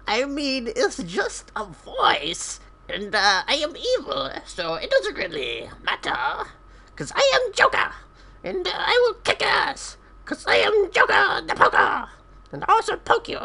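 A man voicing a boastful evil male joker character with a very high, squeaky voice, drawn out slowly. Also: wildly swooping pitch, vocal fry, pushed and bright, exaggerated voice. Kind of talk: comedic character voice for a gameplay video.

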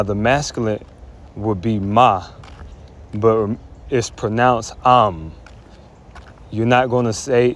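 A man's voice: on the low side, a little mellow. A man giving an informal spoken grammar lesson, often restarting and repeating himself as he explains. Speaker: Hebrew teacher.

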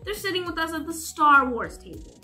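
A woman's voice: very high-pitched, big pitch swings, brisk, sharp tone, soft background music, pitched above the performer's own voice, heavily acted. A woman reading aloud, voicing a fussy, anxious mother whose voice rises when flustered. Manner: rising, flustered. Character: fussy, anxious middle-aged mom.

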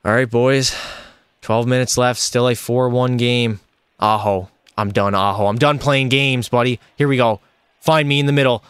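A young man streaming a hockey video game, giving excitable, frustrated play-by-play and talking to his chat. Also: mid-range voice, normal speed, clear, resonant tone, no room sound. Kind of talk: live gameplay commentary.

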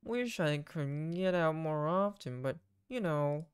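Goofy, easygoing dad pastor in a dating game, a woman reads him, slow and low-key, dry close sound. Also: animated, clear, resonant tone, no room sound. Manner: slow, drawn-out joking delivery. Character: laid-back middle-aged dad pastor, goofy.

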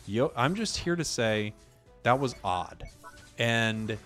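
Animated man doing gameplay commentary. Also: lowish voice, a little slow, faint music behind. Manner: joking, animated, rants at teammates. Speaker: gaming streamer.

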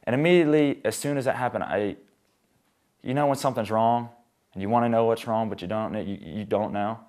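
A man's voice: fairly low pitch, fairly quick, a little mellow. A young man telling his conversion testimony as a guest, rambling, with many restarts.

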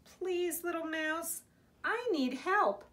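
A woman's voice: on the high side, huge pitch swings, unhurried. A woman reading aloud as a hardworking, grumbling male mouse gardener in a storybook. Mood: calling. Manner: grumbling, weary.

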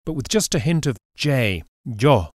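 Here a man with a mid-range voice and lively intonation narrates a scripted Spanish lesson at a moderate pace. The sound is studio-clean with no room sound, and he patiently explains while saying each example word carefully as a clear model.

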